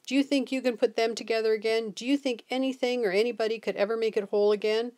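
A woman's voice: on the high side, steady tone, quick pace, a little mellow, lightly acted. A woman reading the lines of a drunk, bitter homeless man who slurs and snaps curtly. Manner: slurred, curt and snapping.

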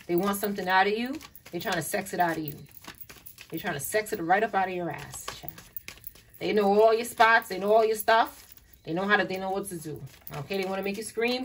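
Woman tarot reader, blunt and profane, recorded a little off-mic with a faint hiss. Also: medium pitch. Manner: blunt, profane and exasperated, addressing the listener as child. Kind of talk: online tarot reading. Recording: distant mic, faint noise and clicks.

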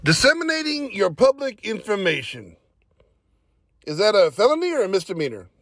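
A man's voice: sits high, sing-song, moderate pace, a bit bright, no echo, studio quality. A man hosting a commentary show, making wisecracking, sarcastic voice-over remarks.

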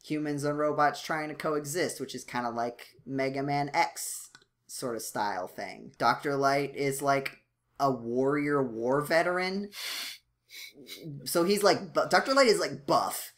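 A man co-hosting a casual podcast, rambling with many restarts and fillers, his voice jumping up when he gets excited. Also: unhurried. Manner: animated, jumps up in pitch when excited. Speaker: podcast co-host.

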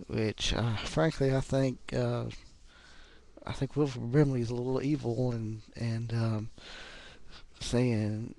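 A man in his thirties with a Southern US accent, talking casually to the camera in a halting way, with lots of pauses and fillers. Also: medium pitch. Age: 30s. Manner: relaxed, halting, many fillers. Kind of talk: casual video message.

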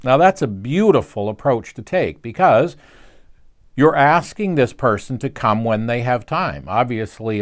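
Man telling an earnest devotional story. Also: medium pitch. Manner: storytelling, earnest, gently preaching. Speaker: preacher. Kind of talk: short devotional talk.

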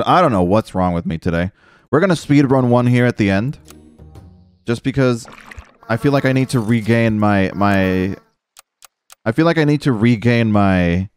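A man's voice: mid-range voice, darkish tone. A man streaming a game with casual commentary, talking to himself, mocking his own moves and swearing now and then. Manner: self-mocking, talks to himself while playing; swears casually, says dude a lot. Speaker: gaming streamer.

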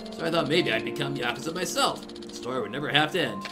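A man's voice: mid-range voice, expressive, fast talker, close to an everyday voice. A man voicing an aimless former comedian who talks bluntly and a little sheepishly, with game music behind.

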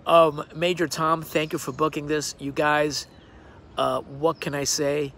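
A man's voice: on the high side, level tone, measured pace, creaky, fairly bright tone. A man recording a casual, rambling video greeting outdoors on his deck, hesitating with ums and uhs. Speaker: actor recording a personal video message.

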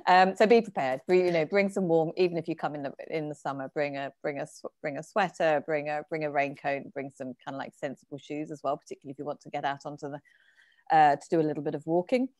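Chatty woman, low voice. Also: fairly even intonation, fast talker, a little mellow, dry recording, clean studio sound. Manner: chatty, rambling with many restarts. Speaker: tour director. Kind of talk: webinar chat. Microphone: video call.

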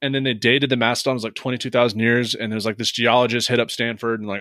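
A man's voice: medium pitch, level tone, quick pace, few pauses, pushed and bright, no echo, studio quality. A man co-hosting a podcast in casual chat, laid-back and jokey with slangy phrasing. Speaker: podcast co-host.

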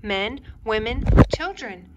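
A woman's voice: a little high, expressive, slow pace, heavy background noise. A woman voicing a proud young male frog who tells grand tales of the world in a storybook reading. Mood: boastful. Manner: triumphant, mysterious storyteller.

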